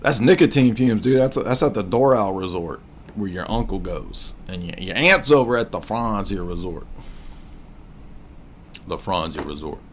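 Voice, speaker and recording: A man's voice: on the low side, expressive, normal speed, a little hiss or hum. A man in his forties hosting a livestream, casually mocking what he watches in a rambling, joking way. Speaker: livestream host.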